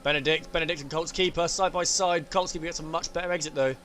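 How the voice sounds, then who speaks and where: A man calls an online race in quick, lively bursts. His voice is bright and a touch high, and a faint hiss sits under the recording. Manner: excitable, rising sharply at incidents. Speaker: race commentator. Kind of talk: sim racing commentary.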